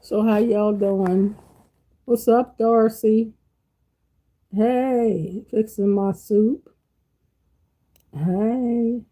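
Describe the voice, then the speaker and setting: A woman hosting a casual cooking vlog, talking in a relaxed, folksy way to herself and greeting viewers by name. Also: on the high side, drawn-out words, pauses often, poor audio. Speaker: cooking channel host. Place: home kitchen.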